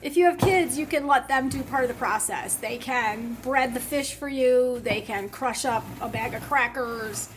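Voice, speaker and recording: A woman's voice: high voice, normal speed, hardly any pauses, noisy background. Chatty woman hosting a home cooking show. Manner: chatty, laughs often, rambling asides. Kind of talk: casual cooking demonstration. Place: home kitchen.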